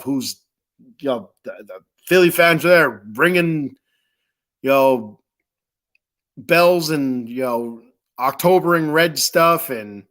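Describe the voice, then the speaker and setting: A man's voice: fairly high pitch, a bit bright. A man hosting a sports podcast, reading sponsor ads in a rambling, joking way with lots of fillers. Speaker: podcast host. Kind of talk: casual sponsor reads.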